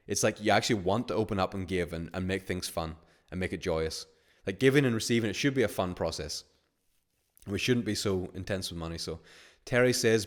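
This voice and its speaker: A man with a lowish voice hosts a live webinar at a quick clip. He talks casually and rambles through anecdotes, acting out the quotes and letting a swear word slip now and then. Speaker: course host. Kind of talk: live webinar talk with chat questions.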